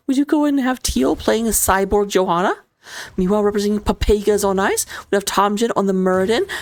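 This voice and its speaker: A woman casting a live video game match as commentator, playful and jokey, her voice jumping up with sudden excitement. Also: a little high, fairly quick. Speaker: esports caster.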